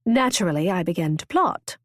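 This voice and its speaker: A woman's voice: fairly low pitch, animated, a little fast, dry recording, clean studio sound. A woman voicing an impulsive, witty young noblewoman who tells her tale eagerly and theatrically. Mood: lively. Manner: bright, eager, storytelling.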